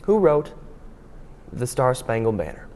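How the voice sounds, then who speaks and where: A man voicing a brisk schoolteacher. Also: medium pitch, very animated, a little mellow, a little hiss or hum. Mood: quizzing. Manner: brisk quiz questions in a joke. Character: woman schoolteacher quizzing her class.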